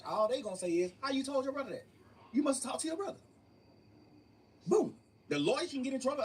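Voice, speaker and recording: A young man being interviewed, telling his story emphatically and profanely, often repeating phrases. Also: high voice. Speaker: interview guest. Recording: distant mic with faint room noise.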